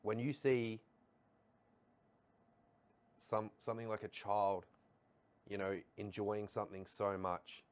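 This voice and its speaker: Australian male co-host, lower register, easygoing conversational delivery. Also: steady tone, takes it slowly, long pauses, clear, resonant tone. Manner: laid-back, reflective, laughs easily. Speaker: podcast co-host. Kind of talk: casual chat.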